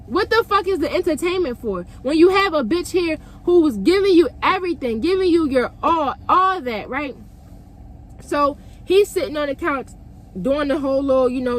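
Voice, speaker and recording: A young woman telling a personal story to her viewers, profane and emphatic, talking straight to the camera audience. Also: high voice. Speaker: vlogger. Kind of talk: storytime vlog.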